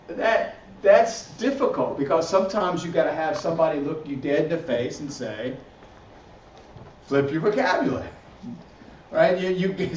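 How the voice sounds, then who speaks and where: A ministry teacher with a high-pitched voice leads a church class casually and repetitively, restarting phrases and ending points with "right?". The teaching session was recorded in roomy, distant, dull lo-fi audio with a little hiss or hum.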